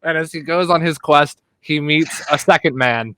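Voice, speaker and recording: A man co-hosting a podcast, joking loudly and improvising a silly story in casual chat. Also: a little high, normal speed, clean tone, dry recording, low-quality recording. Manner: loud, joking, swings between mumbles and excited shouts. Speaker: podcast co-host.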